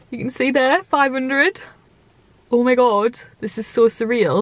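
A woman's voice: sits high, unhurried. A young woman chatting casually to camera in a vlog, rambling with fillers, her voice a little worn. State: slightly losing her voice. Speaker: vlogger.

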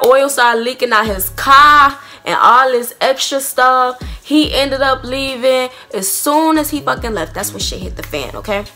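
A young woman tells a story in a high, bright voice. She is animated and swears freely, with faint music under her. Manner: animated, profane, acts out quotes. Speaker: vlogger. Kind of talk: casual storytime.

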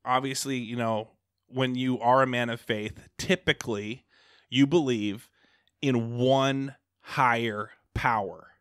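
A man's voice: mid-range voice, steady tone, slow, a bit bright, smooth, no room sound, studio quality. Rambling, slightly breathless podcast host man. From Pacific Northwest. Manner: rambling, loose, with many fillers and restarts. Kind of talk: casual podcast chat.

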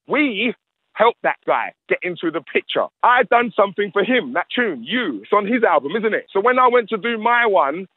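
A man's voice: sits high, no echo, phone-quality sound. A man, a radio interview guest who rants emphatically and repeats his points. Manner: ranting, emphatic, repeats himself. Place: radio studio.

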